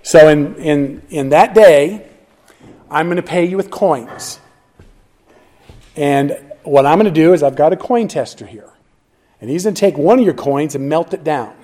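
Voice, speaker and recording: A man preaching with a high voice, pressing hard on key words. He works through the passage verse by verse, often restarting phrases mid-thought. The delivery is animated and earnest. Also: measured pace, long pauses. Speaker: pastor. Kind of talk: expository sermon.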